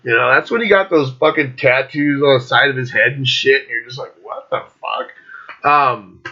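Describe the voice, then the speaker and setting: A man's voice: medium pitch, fairly quick, pushed and bright. A man hosting his own show, talking in a loose, rambling, casual way with constant swearing and fillers. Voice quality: heavy swearing, loose filler-laden talk. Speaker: host. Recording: lo-fi dull recording.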